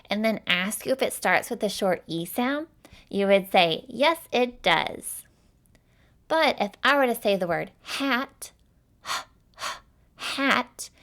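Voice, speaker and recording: Slow, patient woman teaching phonics. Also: a little high. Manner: slow, clear and encouraging, exaggerating sounds. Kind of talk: children's phonics lesson.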